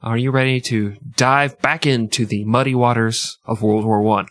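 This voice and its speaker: A man's voice: medium pitch, fairly even intonation, normal speed, a bit bright, no room sound, clean studio sound. Crude, joking man hosting a podcast. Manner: crude, joking, laughs often. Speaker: podcast host. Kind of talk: casual comedic history podcast.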